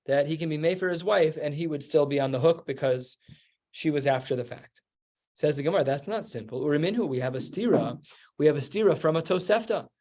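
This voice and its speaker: A man's voice: fairly high pitch, darkish tone. Man teaching Talmud, patient step-by-step. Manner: explains step by step, mixing Aramaic terms into plain speech. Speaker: rabbi teaching a Talmud class. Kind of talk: Talmud class lecture.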